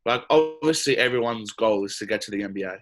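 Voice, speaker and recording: A man's voice: fairly low pitch, animated, fast, faint music behind. Easygoing young Australian man. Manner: easygoing storytelling with frequent "like" fillers. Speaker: basketball player, podcast guest. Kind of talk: casual interview chat.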